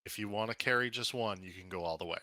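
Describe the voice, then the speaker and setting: Bright-voiced male game master. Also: fairly low pitch, fast talker, a little hiss or hum. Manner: relaxed, explains rules with fillers. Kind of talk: narrating a tabletop game.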